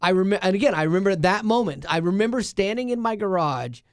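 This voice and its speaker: Earnest, higher-pitched man telling a story. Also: animated, fast, smooth, dry recording, studio quality. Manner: earnest storytelling with many restarts. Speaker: radio show co-host. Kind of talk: casual podcast chat.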